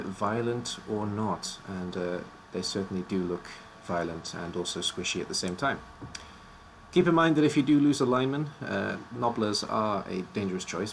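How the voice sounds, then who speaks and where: A man with a lowish voice, recorded with a slight hiss or hum, casually presents teams on a live stream. His voice sounds a little worn out, and he jokes while stumbling over unusual names.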